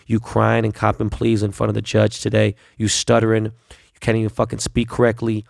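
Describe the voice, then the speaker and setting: A man's voice: on the low side, monotone, fairly quick, vocal fry, no room sound, studio quality. A middle-aged man hosting a podcast, delivering a blunt, profane, heated solo rant. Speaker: podcast host. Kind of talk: ranting solo podcast monologue.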